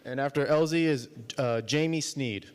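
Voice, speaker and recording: A man chairing a city meeting, calling speakers politely and briskly from a list. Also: medium pitch, clear, resonant tone. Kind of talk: procedural meeting talk.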